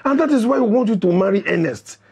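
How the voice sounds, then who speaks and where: A man's voice: high-pitched, expressive, fast talker, a little mellow, breathy edge, exaggerated voice. An actor playing a stubborn older Nigerian father who scolds his daughter about her marriage. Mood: scolding. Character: stubborn aging village father. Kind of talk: Nollywood film acting.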